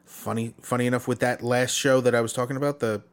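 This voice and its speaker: A man's voice: medium pitch, little pitch movement. Joking man chiming in on a podcast. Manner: quick jokey reactions, swears casually. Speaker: podcast co-host. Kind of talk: casual chat.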